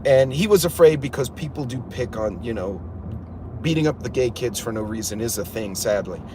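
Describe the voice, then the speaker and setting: Middle-aged guy livestreaming from his car, animated and disbelieving, mid voice, bit of faint road noise. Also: mid-range voice, normal speed. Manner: incredulous, animated storytelling. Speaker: livestream host. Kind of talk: casual livestream rant.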